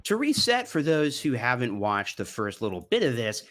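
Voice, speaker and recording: A man's voice: mid-range voice, wildly swooping pitch, moderate pace, fairly bright tone, soft background music. A man giving sarcastic, mocking commentary on religious videos. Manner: sardonic, mocking. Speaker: commentary YouTuber.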